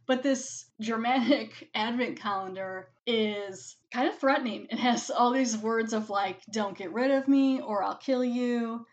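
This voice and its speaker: Woman reviewer, casual and chatty, mid-pitched, recaps a film and slips into quick voices for the characters. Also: muffled recording. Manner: chatty, full of "like", acts out characters' lines in quick quotes. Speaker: movie reviewer. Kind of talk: casual spoken movie review.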